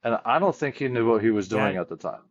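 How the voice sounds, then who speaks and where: Male firefighter-chaplain guest, very low voice, earnest rambling storyteller, muffled lo-fi audio. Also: expressive, quick pace. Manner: earnest storyteller with frequent restarts. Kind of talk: casual podcast conversation. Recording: dull lo-fi audio.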